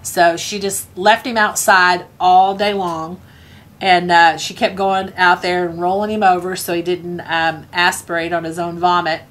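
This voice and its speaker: A woman with a Scottish accent tells an old family story in a relaxed, conversational way. Her voice sits a little low, and she laughs as she acts out her relatives' lines. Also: measured pace. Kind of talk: casual spoken family anecdote.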